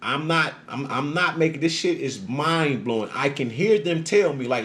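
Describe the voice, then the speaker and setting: Profane, animated storytelling man. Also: moderate pace. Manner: profane, emphatic, animated storytelling with frequent 'right?'; acts out voices in quotes, pitch jumping up. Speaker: social media livestreamer. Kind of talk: rambling personal monologue.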